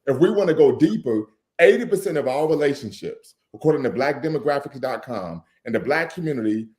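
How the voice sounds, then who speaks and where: A man on a livestream debate who speaks in a measured way, cites figures and stays composed. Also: medium pitch, lively intonation, darkish tone.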